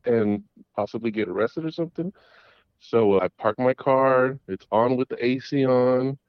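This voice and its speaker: A man's voice: mid-range voice, moderate pace, no room sound. A middle-aged man, calling in, tells a long story in a rambling way, with restarts and repeated words. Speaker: caller. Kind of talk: casual storytelling. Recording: dull lo-fi audio.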